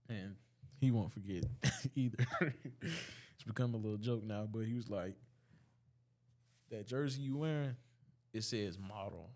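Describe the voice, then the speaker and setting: Young man, late teens, slightly deep voice, relaxed, lots of fillers and restarts, casual storytelling. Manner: laid-back, frequent fillers and restarts. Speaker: high school student.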